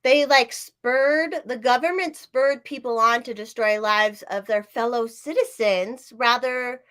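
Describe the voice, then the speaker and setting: A woman's voice: on the high side, measured pace, a bit bright, clean tone. A woman podcast host in casual chat, talking in a profane, emphatic, rambling way with many fillers.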